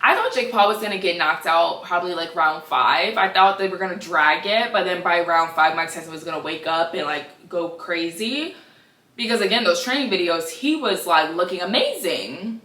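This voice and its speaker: A woman in her twenties hosting a casual gossip podcast, chatty and animated with sassy asides. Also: lowish voice, normal speed, recorded from a distance. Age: 20s. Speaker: podcast host. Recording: echoey room, a bit off-mic.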